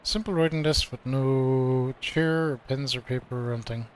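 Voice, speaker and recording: A man's voice: mid-range voice, fairly even intonation, normal speed, slight background noise. A man streaming a game, reading its dialogue aloud in a casual, playful way with mock old-fashioned delivery. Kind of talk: let's play commentary, reading game text aloud.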